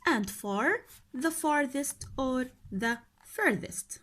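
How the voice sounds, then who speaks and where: Slow, lively-voiced woman teaching grammar. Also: fairly high pitch. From Oman. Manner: slow, explaining step by step, questions to students. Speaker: English teacher. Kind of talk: recorded grammar lesson.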